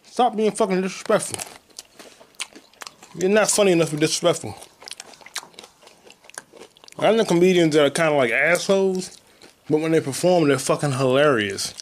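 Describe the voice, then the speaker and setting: A man hosting a solo podcast, a comedian ranting casually and profanely, with sudden loud outbursts. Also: a little high, normal speed, pauses often, a little hiss or hum. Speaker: podcast host and stand-up comedian.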